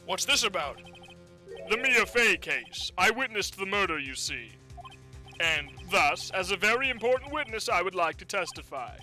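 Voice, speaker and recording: Fan game dub: man doing a haughty, condescending rich company boss, bright tone, swooping delivery. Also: sits high, very animated, soft background music, full character voice, rough recording. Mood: gloating. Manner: condescending, theatrical, drawn-out threats. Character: pompous, menacing rich male company president.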